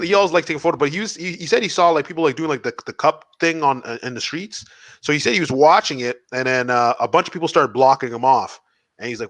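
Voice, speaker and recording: A man's voice: mid-range voice, fairly bright tone, no echo. A man co-hosting a podcast, telling a story in a joking, rambling way with lots of fillers. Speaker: podcast co-host. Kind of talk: casual chat.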